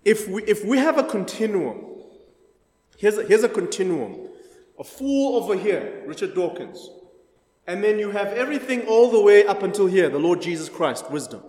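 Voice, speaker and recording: Guy teaching bible study, high voice, chatty and laughing a lot, questions the group, big echoey room. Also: very animated, normal speed, a little mellow. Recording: echoey hall.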